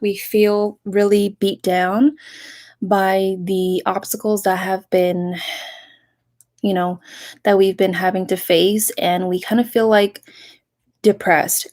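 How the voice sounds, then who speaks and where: A young woman giving a casual live-stream reading, talking softly and rambling, breaking off to greet viewers with sudden excitement. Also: mid-range voice. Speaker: live tarot reader.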